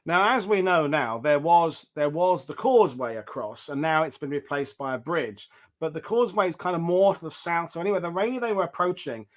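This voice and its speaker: Rambling host with a higher voice. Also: male voice. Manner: animated, rambling, many restarts. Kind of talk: casual storytelling chat.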